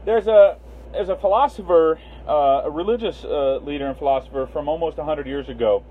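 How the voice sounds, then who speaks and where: Speaking a little fast at a fairly high pitch, a Las Vegas livestream host chats casually, full of fillers, and calls out viewers by name. Faint hiss and a tinny, phone-line sound color the audio.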